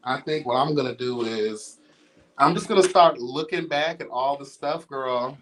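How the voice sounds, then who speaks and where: Chatting from home among her cats, a livestream host dishes out gossip commentary with sass, calling people girl and honey and breaking into song and laughter now and then. Her medium-pitched voice moves at a moderate pace with a fairly bright tone.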